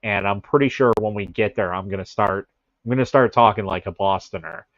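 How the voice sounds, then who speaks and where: A Chicago-area livestream host talks briskly in a lowish, fairly bright voice, chatting casually and reading viewer comments. He rambles, restarts mid-thought, and laughs frequently. There's no room sound, and the highs are cut off.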